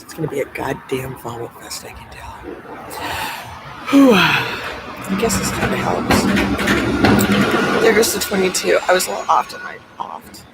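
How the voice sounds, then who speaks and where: Man, slightly high voice, rambling outdoor phone livestream, swears, slips into whispers, clear street noise. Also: very animated, moderate pace, pauses often. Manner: rambling, swearing, often drops to a mumbled whisper. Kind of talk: casual live stream monologue. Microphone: phone camera.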